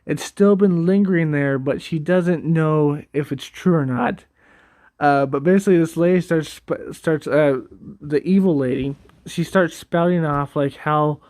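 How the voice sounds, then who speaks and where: A man's voice: a little high, measured pace, a little mellow, no room sound, clean studio sound. A man casually rambling about a game story, cursing and laughing often as he goes. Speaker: gaming video creator.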